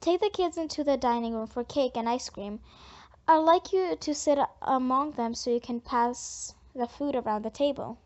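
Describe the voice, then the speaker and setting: A woman voicing a busy young mother who gives quick, friendly directions. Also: high voice, a little mellow, natural voice. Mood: brisk. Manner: brisk and directing. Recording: dull lo-fi audiobook recording.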